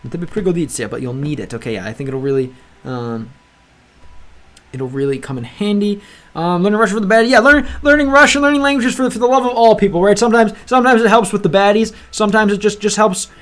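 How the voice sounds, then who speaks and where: Young man, livestream host, casual chat, rambling, slightly high voice. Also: fast talker. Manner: rambling, restarts often, calls viewers bro.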